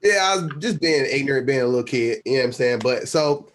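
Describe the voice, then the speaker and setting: A man's voice: medium pitch, animated, quick pace, slight background noise. Laid-back young man telling stories. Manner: laid-back storytelling with lots of "like" and "you know". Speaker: podcast co-host. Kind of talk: casual chat.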